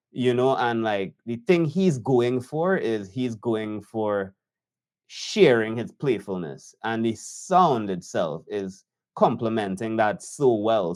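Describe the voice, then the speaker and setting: A man reacting to a video as an editor, unhurried and admiring as he talks through the choices. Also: mid-range voice, darkish tone. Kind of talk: reaction commentary.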